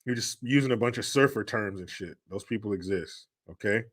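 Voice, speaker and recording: A man's voice: on the low side, a little fast, a bit bright. A man hosting a livestream, telling family stories in a joking, crude way and laughing often. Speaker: host. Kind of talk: casual livestream talk.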